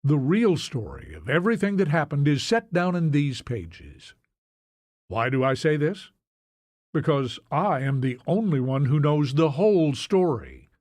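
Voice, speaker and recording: A man narrating an audiobook in a measured, solemn storytelling manner. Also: on the high side, sing-song, a little mellow, no echo.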